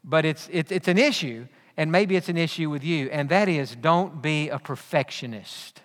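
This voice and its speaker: A man's voice: fairly high pitch, normal speed, fairly bright tone. A man preaching a sermon as pastor, earnest and repetitive, often restarting his phrases. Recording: long hall reverb.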